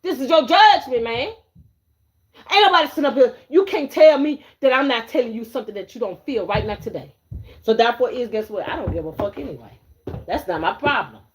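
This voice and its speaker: A woman's voice: a little high, expressive, fairly quick. Brash, profane woman reading tarot live. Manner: profane, confrontational and swaggering, with mocking laughs; repeats phrases and calls out to viewers. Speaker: tarot reader on a livestream. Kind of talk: live-streamed card reading.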